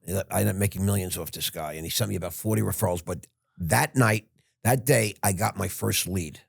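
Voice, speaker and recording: Gravelly, husky older man telling stories. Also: deep voice, no room sound, clean studio sound. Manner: rambling, halting restarts. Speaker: podcast guest. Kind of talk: casual storytelling.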